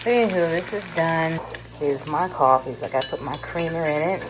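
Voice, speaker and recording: Her low-pitched voice moves fairly quickly as this middle-aged Californian vlogger talks casually to camera. Starting in the car, with its noise audible, and ending in her kitchen at home, she rambles and chuckles at herself.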